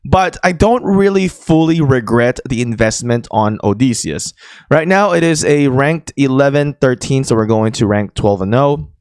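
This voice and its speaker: A man of middle pitch hosting a gaming video in a loose, chatty way, talking through what he clicks on screen with fillers and restarts. His voice sits close and dry on the mic, with no room around it. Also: expressive, moderate pace, a little mellow, no echo. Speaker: gaming channel host. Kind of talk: casual game commentary.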